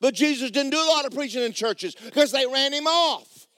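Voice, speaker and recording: A man preaching a sermon, emphatic and loud at times, dropping low for stories. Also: expressive, moderate pace, no echo. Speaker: pastor.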